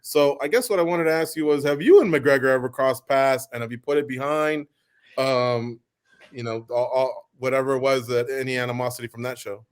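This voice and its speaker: A man's voice: medium pitch, brisk, clear, resonant tone. A man hosting a radio show, asking long, winding questions in a chatty way and wrapping up the interview.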